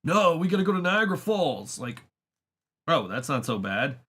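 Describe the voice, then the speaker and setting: A man's voice: on the high side, sing-song, moderate pace, fairly bright tone, slightly rough. A man hosting a podcast, telling a long story in a casual, profane way and laughing often. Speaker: podcast host. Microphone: studio microphone.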